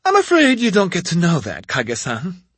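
A shrill, sneering witch assassin who mocks her victims with lilting, swooping contempt, as a male audiobook narrator puts her on. The voice keeps a husky grain, recorded close and dry. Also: wildly swooping pitch, moderate pace, a bit bright, no room sound, full character voice. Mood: mocking. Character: spiteful female witch assassin, mocking.

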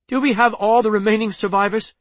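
A man's voice: fairly even intonation, a little fast, dry recording, close to an everyday voice. A man voicing a young female starship commander who keeps her voice tense and close to catching. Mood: strained. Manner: raised pitch, tense, voice nearly catching. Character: Nathal, young female starship commander, anxious but steely.

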